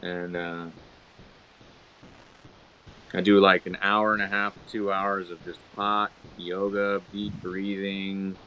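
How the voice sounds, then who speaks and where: A young man hosting a podcast, telling a story in a relaxed, rambling way with lots of fillers. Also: sits low, slow, pauses often, a little hiss or hum. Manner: laid-back rambling with many fillers. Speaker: podcast host. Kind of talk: casual storytelling chat.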